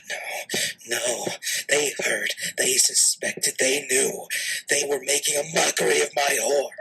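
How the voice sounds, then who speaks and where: A man performing a frantic, guilt-crazed murderer in a dramatic audiobook reading, raspy and breathy, swinging between hushed whispers and shrieks. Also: medium pitch, exaggerated voice, poor audio. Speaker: dramatic reader.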